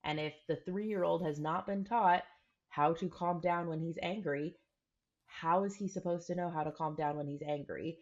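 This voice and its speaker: A woman co-hosts a casual podcast and talks in an earnest, thoughtful way. Her voice sits somewhat low. The recording sounds dull and lo-fi. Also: moderate pace. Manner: earnest, talks things through with quoted examples. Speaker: podcast co-host.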